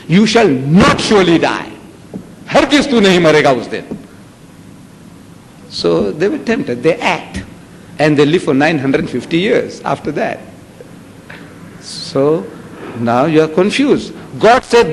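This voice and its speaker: An older man with a South African Indian accent giving a religious lecture, telling stories with animated acted-out voices. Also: on the high side, a little slow, pauses often. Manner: animated storytelling, acting out voices with rising shouts. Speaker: Islamic lecturer. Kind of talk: public lecture to an audience. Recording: echoey hall with faint background noise.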